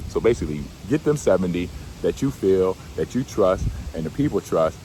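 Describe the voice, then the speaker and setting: A man reading bible verses slowly, then paraphrasing them in relaxed, slangy everyday speech. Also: deep voice, slight background noise. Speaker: bible teacher. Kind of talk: scripture reading with casual commentary.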